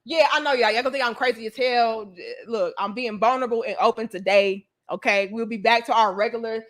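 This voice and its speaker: A young adult woman tells a story to her viewers in a casual, animated, chatty way, swearing freely and calling them y'all. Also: fairly high pitch, brisk. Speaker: vlogger.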